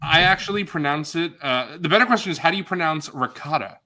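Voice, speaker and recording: A man's voice: fairly high pitch, fast, bright, forceful tone. A man with a New York accent co-hosting a casual livestream chat, rambling and joking. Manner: rambling, jokey. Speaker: co-host.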